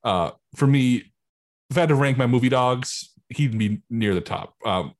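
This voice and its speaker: A man's voice: mid-range voice, moderate pace. A man in a casual movie podcast chat, riffing in jokey rants.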